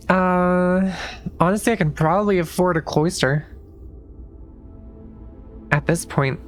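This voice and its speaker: Low-voiced woman streamer thinking aloud. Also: takes it slowly, pauses often, soft background music. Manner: thinks aloud, restarts sentences, swears casually. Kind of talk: casual gameplay commentary.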